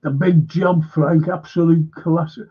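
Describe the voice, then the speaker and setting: A man's voice: fairly high pitch, fairly even intonation, unhurried, slightly rough, lo-fi sound. A man hosting a casual film chat, retelling scenes and laughing as he goes. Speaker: host.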